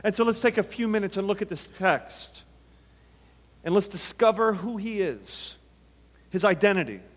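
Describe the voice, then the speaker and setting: A man preaching a sermon, emphatic and fond of repeated rhetorical questions with dramatic pauses. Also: high-pitched, expressive. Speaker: pastor. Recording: long reverb from a large hall.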